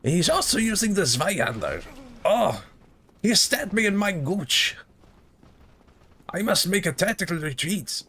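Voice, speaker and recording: A man's voice: high-pitched, sing-song, unhurried, pauses often, bright, forceful tone, slightly rough, pitched above the performer's own voice, full character voice. A man putting on a put-on German accent, voicing a stiff, fussy German man who is offended. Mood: indignant.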